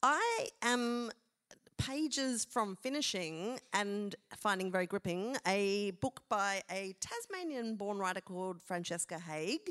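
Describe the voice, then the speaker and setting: A woman's voice: medium pitch, expressive, slow, a bit bright. Woman, 40s, live podcast co-host; loose, chatty, rambling delivery. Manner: chatty, rambling, with many fillers and self-interruptions. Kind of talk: casual chat on stage. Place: theatre stage, live show.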